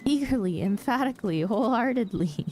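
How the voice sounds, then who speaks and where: A woman's voice: a little high, lively intonation, a little fast, a little mellow, faint music behind, voice pushed up, natural voice. A woman reading as a fretful, echoing kobold. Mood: anxious fawning. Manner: frets and repeats words in strings of synonyms. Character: timid, fretful kobold, repeating everything. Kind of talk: reading game dialogue aloud.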